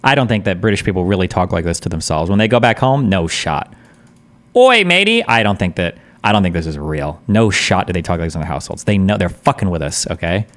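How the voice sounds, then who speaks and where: A man's voice: deep voice, fast, hardly any pauses. A man streaming casual commentary as he reacts to a debate, blunt, profane and sarcastic.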